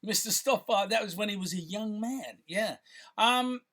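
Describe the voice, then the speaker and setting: A filmmaker and content creator talks casually to camera, rambling along with lots of fillers and restarts. His voice is high-pitched, bright and forceful, and his pace is moderate.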